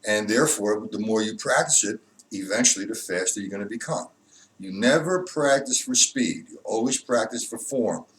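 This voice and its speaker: Low-voiced man teaching drum strokes. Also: normal speed. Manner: patient, repetitive explanations. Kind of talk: instructional demonstration.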